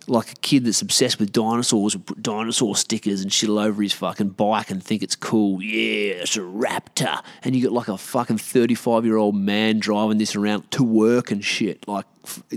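An Australian man in his late thirties, a podcast host, ranting alone in a rambling, profane, sarcastic way. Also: lowish voice. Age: 30s. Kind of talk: solo rant.

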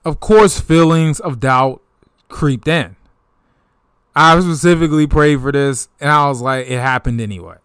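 Slow-talking trash-talking sports host, man. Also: medium pitch, smooth, dry recording, studio quality. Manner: trash-talking, animated, laughs at rivals. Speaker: sports talk show host. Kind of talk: casual sports talk.

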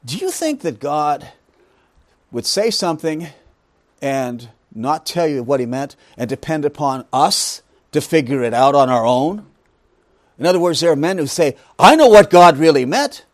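Animated preacher man with lively pitch. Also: a little slow, dry recording. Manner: emphatic, with rhetorical questions and joking asides. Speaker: pastor teaching a Bible study. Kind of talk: sermon.

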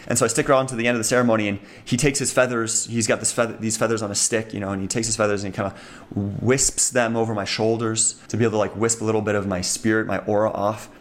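A man with a somewhat low voice recounts his personal testimony at a rapid clip. He tells it intensely and conversationally, running sentences together and checking in with "right?" as he goes. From Colorado, USA. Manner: intense, fast-running retelling with many "like"s and "right?". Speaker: podcast host.

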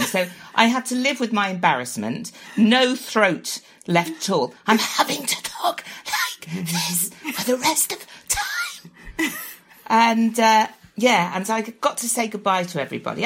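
Husky, lively woman telling a story. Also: lowish voice. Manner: self-mocking, laughs often, acts out quotes. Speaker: guest telling an anecdote. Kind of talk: animated anecdote, chatty.

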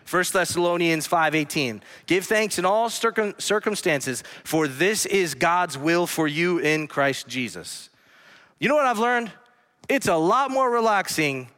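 A man pastor preaching a sermon in a church, earnestly swinging between hushed lines and emphatic ones. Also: a little high. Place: church sanctuary. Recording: long hall reverb.

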